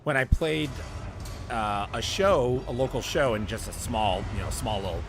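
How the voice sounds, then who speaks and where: A man's voice: mid-range voice, lively intonation, moderate pace, music in the background. A man telling a long, rambling personal story in casual chat, often laughing and restarting.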